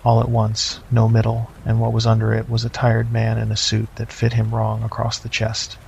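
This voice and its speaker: A middle-aged man narrating a first-person horror story in a slow, measured, deadpan way. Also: on the low side, creaky. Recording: slightly dull lo-fi, faint noise.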